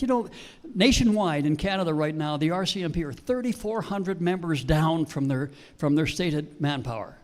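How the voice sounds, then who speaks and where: A man's voice: on the high side, fairly quick. A man speaking at a political town hall, giving an impassioned, emphatic speech. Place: public meeting hall.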